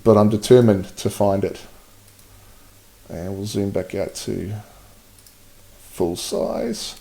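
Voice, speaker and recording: A man's voice: on the low side, takes it slowly, gravelly, dark tone. A man hosting a live stream, chatting casually, reading out viewer comments and laughing often as he works at his telescope. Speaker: livestream host.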